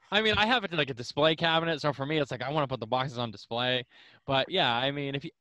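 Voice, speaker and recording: A man hosting a podcast in casual chat, animated and rambling with many restarts. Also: medium pitch, fast, dry recording. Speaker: podcast host.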